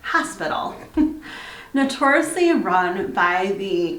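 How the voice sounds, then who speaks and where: A young woman telling her own haunted hotel experience in a casual, animated way, acting out what she and her husband said and laughing now and then. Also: mid-range voice, unhurried, creaky, reverberant, recorded from a distance, slight background noise. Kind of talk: casual storytelling.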